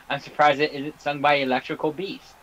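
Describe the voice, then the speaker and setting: A man gives casual color commentary on a wrestling video game in a mid-pitched, bright voice. He is irreverent and crude, swearing and laughing as he goes. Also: flat delivery, normal speed, muffled recording, a little hiss or hum.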